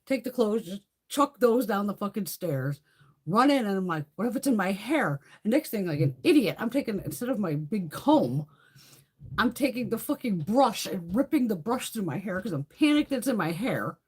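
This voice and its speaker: A middle-aged woman chatting on a live stream, telling a story in a profane, animated way with a husky voice. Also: medium pitch, normal speed. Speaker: beauty vlogger. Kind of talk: casual live-stream chat.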